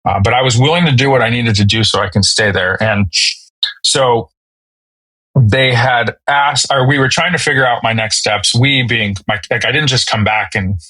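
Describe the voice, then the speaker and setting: A man, a military veteran guest on a podcast, telling his story in a casual, halting way with many fillers and restarts. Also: medium pitch, bright, forceful tone, dry recording, poor audio. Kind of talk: candid personal storytelling.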